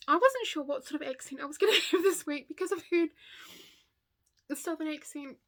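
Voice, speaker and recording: Kiwi woman in her fifties, a stitching vlogger, fairly high voice, rambling and laughing as she chats. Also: a little fast, fairly bright tone. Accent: New Zealand. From New Zealand. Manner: rambling and chatty, laughs often, goes off on tangents. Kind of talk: casual chat to camera.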